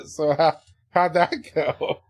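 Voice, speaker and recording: A man's voice: fairly high pitch, slow. A man hosting a casual podcast chat, prompting his guest to tell a story. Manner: prompting, laughs along. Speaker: podcast host.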